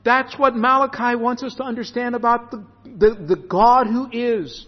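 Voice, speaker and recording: A man preaching a sermon, slow and earnest, stressing phrases by repeating them. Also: very high-pitched. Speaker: pastor. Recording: dull sound with long hall reverb.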